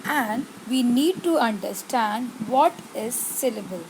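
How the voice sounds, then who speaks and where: A woman's voice: on the high side, animated, darkish tone, slight background noise, rough recording. A woman teaching a grammar lesson, explaining step by step and asking her pupils questions. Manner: slow, deliberate, repeats words and asks pupils questions. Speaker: English teacher.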